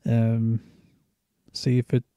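Slow, dark-voiced man testing a mic. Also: mid-range voice, completely flat delivery, clear, resonant tone, dry recording, studio quality. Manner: rambling, unscripted, with fillers. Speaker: microphone tester. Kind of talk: casual mic test talk. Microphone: cheap dynamic USB microphone.

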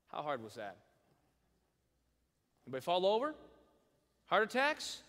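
A male pastor preaching in an animated way and reading scripture aloud with emphasis. He has a slightly high voice and coaxes his listeners to repeat phrases back to him. His voice rings out with a long reverb from a large church hall. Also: a little slow, long pauses. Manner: reads scripture in old-fashioned wording with rising emphasis. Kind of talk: sermon.

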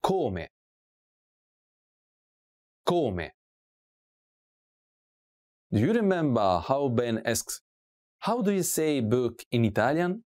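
A woman giving a scripted language lesson, asking slow drill prompts and repeating each word clearly. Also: very deep voice, sing-song, dark tone. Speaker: language teacher.

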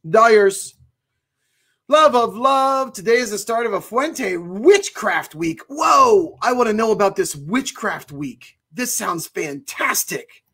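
A man's voice: high-pitched, animated, measured pace, fairly bright tone, slightly rough. A man hosting a cigar shop livestream, chatting casually and enthusiastically as he reads viewer comments. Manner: chatty and enthusiastic, exclaims often.

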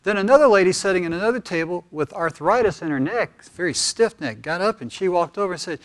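High-voiced pastor preaching. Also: male voice, fast, hardly any pauses. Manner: animated storytelling, conversational. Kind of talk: sermon.

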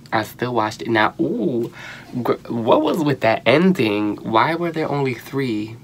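A young man giving casual, sassy and profane commentary on a reality show, animated and quick to exclaim. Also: mid-range voice, slight background noise. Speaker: reality TV reviewer.

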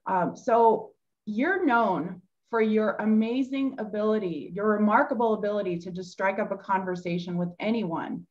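A woman hosts a webinar on a video call, introducing her guest and prompting him with questions. She sounds upbeat and encouraging, at a medium pitch. The call audio is dull and lo-fi. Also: normal speed, darkish tone. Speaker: host, education manager. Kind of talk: hosting a webinar interview.

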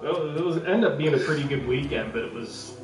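A man's voice: fairly high pitch, fast. A middle-aged man with a Canadian accent, chatting casually and profanely while gaming and telling rambling stories. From Ontario, Canada. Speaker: streamer. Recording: roomy, distant mic with game music. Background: video game music.

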